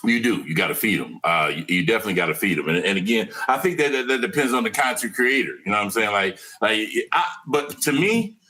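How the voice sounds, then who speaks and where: A man speaks as a podcast guest in a mid-pitched, bright voice. He rambles through casual chat with restarts and filler words. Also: animated, fast, few pauses. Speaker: podcast guest, radio network founder.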